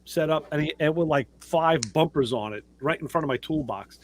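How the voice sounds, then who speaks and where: A man, co-hosting a casual show, telling lively stories and acting out other people's voices. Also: fairly quick, slight background noise. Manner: animated, acts out others' voices in a high pitch. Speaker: podcast co-host. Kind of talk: casual storytelling chat.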